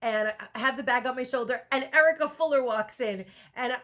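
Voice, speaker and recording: A woman vlogger telling a rambling, animated story in casual chat, with lots of "like" and laughter. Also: fairly high pitch, a little fast.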